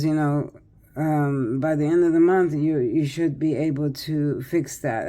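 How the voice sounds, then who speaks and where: A woman's voice: sits low, dark tone. Tired, chatty older woman reading tarot. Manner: chatty, rambling, many fillers and restarts. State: tired, yawning. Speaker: tarot reader.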